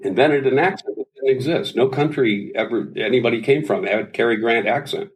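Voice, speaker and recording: Here a singer in his sixties, interviewed in a casual chat, talks a little fast at a medium pitch. He's a lively storyteller who imitates voices in his anecdotes. The recording is low quality.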